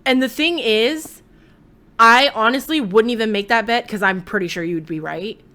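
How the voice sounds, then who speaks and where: Her voice a little high and her pace moderate, a young woman hosting a podcast chats casually. She's an animated storyteller who breaks into laughter frequently.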